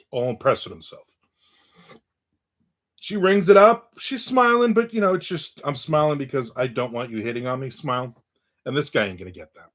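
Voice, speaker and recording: A man's voice: a little high, a bit bright. A middle-aged man casually telling a story about his day, acting out the voices of the people in it. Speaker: vlogger telling an anecdote.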